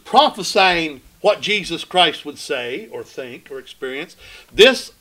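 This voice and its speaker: A man preaching a sermon in a bright, ringing voice that sits a little high. He asks his listeners questions and swings between loud emphatic cries and low, hushed asides. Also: poor audio.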